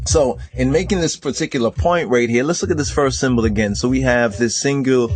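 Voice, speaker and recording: A man's voice: medium pitch, a little fast. A man teaching from a screen share, checking in with "right?" after nearly every phrase and repeating words as he goes. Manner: Rastafari speech, says "I and I". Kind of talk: screen-share lecture on ancient symbols.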